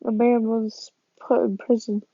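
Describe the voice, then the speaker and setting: A woman casually narrating a fan story, halting, with sighs and restarts. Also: fairly high pitch, flat delivery, dark tone, dry recording. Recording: dull lo-fi sound.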